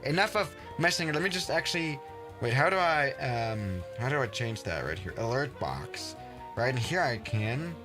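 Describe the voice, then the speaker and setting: A man hosting a livestream and commenting casually on his game, rambling and exasperated, with mild swearing. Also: mid-range voice. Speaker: livestream host.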